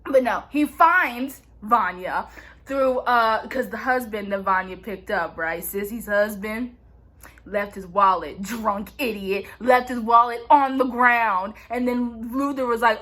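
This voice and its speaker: Chatty young woman with a high, bright voice. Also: unhurried. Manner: chatty and playful, says "like" constantly. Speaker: vlogger. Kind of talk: casual TV recap chat.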